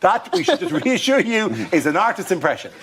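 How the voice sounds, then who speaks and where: A man's voice: high-pitched, sing-song, brisk, vocal fry. A man hosting a comedy panel show, giggly and self-mocking. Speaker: host. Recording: studio audience laughter and noise.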